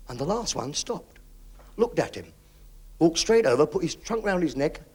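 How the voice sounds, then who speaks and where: Male stand-up, high and very animated voice, 1970s TV comedy set. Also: normal speed, breathy edge. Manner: lively punchline delivery, animated. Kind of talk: stand-up joke telling. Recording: 1970s television studio recording.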